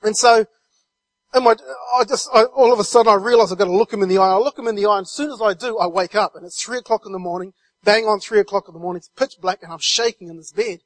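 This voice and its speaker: A man shares his testimony as a guest speaker. His voice sits high, and the sound is dry and close. He tells the story vividly, linking his phrases with a stream of repeated "and"s. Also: quick pace, no echo. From New Zealand.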